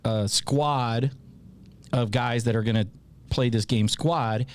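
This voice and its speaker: A man hosting a podcast, telling a long story in a casual, animated way, with a lot of swearing and laughter. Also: mid-range voice, slow pace. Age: adult with a child. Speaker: podcast host.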